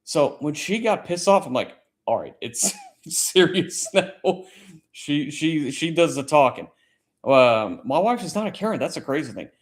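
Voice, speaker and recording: A man's voice: fairly high pitch, sing-song, moderate pace. A man hosting a casual late-night chat stream, telling a long story in a rambling, profane way. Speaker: livestream host; military service member.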